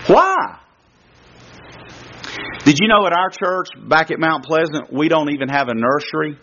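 A male guest preacher delivers a sermon in a fairly high voice, pressing his points with rhetorical questions and big swings in pitch. The recording sounds dull and lo-fi, like an old church tape. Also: animated, measured pace, pauses often, sharp tone, slight background noise.

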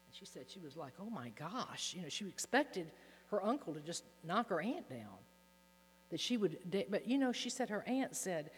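In a hall with a low mains hum, a woman teaches from the Bible with earnest conviction, emphasizing passages as she reads them aloud. She speaks at a moderate pace with lively intonation.

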